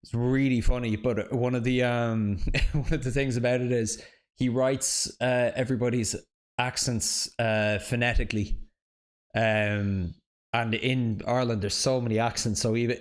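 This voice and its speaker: A man chatting casually on a livestream while racing, answering viewers and often apologizing mid-sentence. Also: medium pitch. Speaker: sim racing streamer.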